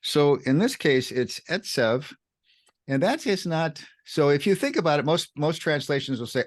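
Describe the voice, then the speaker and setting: A man co-hosting a podcast, teaching in an animated, emphatic way, repeating words and jumping up in pitch to stress points. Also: moderate pace, no echo. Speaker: podcast co-host teaching scripture. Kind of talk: animated explanatory teaching chat.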